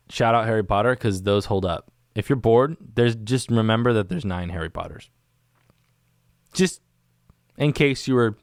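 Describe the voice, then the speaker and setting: Speaking at medium pitch with a clean tone and no room sound, a man runs a laid-back solo podcast from a small studio. His talk meanders, peppered constantly with "dude" and "man," picked up by an on-camera studio microphone.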